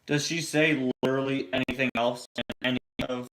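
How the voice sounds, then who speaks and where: A man's voice: mid-range voice, level tone, fairly quick, a bit bright. A man chatting casually during a live Q&A stream, rambling and restarting his sentences. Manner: rambling, hesitant, many restarts. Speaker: toy review streamer.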